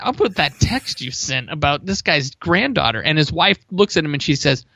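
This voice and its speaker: A man from Massachusetts co-hosting a sports show, telling rambling, animated stories in casual chat. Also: a little high, brisk, vocal fry, few pauses, dry recording, rough recording. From Massachusetts, USA.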